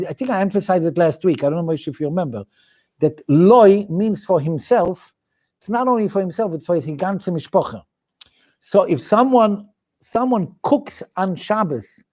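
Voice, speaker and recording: A rabbi with a high, darkish voice and a Yiddish-inflected English accent teaches a weekly Talmudic study class. He speaks in a chanting cadence and often restarts his sentences.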